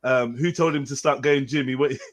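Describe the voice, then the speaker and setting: A man's voice: medium pitch, steady tone, a little fast. A man chatting casually on a panel, telling stories in slang and laughing. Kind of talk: casual chat.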